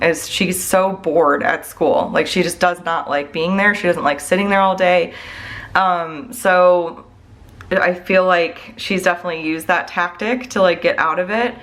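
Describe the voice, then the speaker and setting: A woman's voice: lowish voice, fairly even intonation, normal speed, fairly bright tone. A woman vlogger and mom chatting casually to her viewers. She rambles candidly and sounds worried, filling her talk with "like" and "I don't know.".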